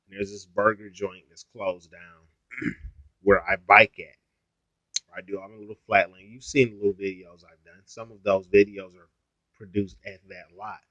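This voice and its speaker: A man's voice: fairly low pitch, level tone, moderate pace, fairly bright tone, dry recording. A young adult man telling a story on his vlog in a blunt, heavily profane, ranting way. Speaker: YouTuber. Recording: dull lo-fi sound, dry.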